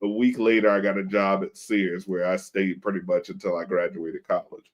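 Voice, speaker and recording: A man with a fairly low voice tells a story on a podcast. He is casual and animated, and he acts out the other people in the story with put-on voices. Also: normal speed, very noisy. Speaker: podcast host.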